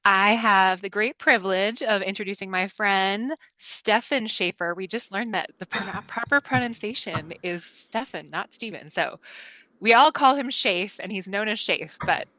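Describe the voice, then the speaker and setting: A woman's voice: medium pitch, unhurried, sharp tone, dry recording, low-quality recording. A woman moderating a webinar, introducing the guest speaker in a friendly way with light laughs.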